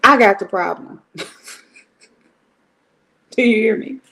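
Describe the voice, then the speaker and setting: A middle-aged woman from Cleveland giving blunt, profane, animated commentary on a livestream. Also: mid-range voice, slow pace, vocal fry. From Cleveland, Ohio.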